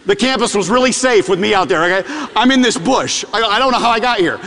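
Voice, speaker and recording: Animated high-voiced preacher man. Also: fast talker. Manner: animated storytelling, repeats lines for emphasis. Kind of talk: sermon. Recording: long hall reverb.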